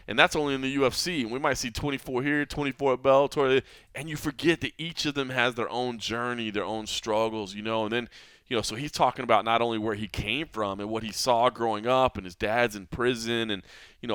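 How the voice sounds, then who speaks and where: A man's voice: medium pitch, a bit bright, clear, resonant tone, dry recording. A man hosting an MMA podcast, talking in an earnest, reflective way with frequent restarts. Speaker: podcast host. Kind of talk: casual MMA podcast talk.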